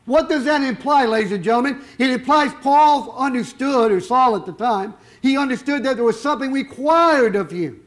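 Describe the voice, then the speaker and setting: High-voiced man preaching a sermon. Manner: rhetorical questions, emphatic, drawn-out stressed words.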